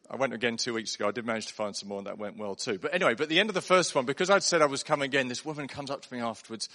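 A male pastor preaches in a church, chatty and self-deprecating as he tells stories and jokes. His voice sounds bright and lively at a middling pitch. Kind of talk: humorous sermon storytelling.

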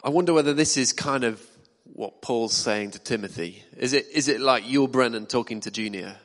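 A man's voice: mid-range voice, normal speed, a bit bright. A man preaching a sermon in a church hall, talking conversationally and asking the congregation questions. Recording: long reverb of a hall.

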